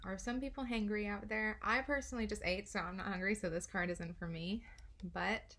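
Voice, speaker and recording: A woman's voice: mid-range voice, steady tone, a little fast, a bit bright. A young woman casually reading oracle cards, chatty and giggly, swearing freely. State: out of breath. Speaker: tarot card reader.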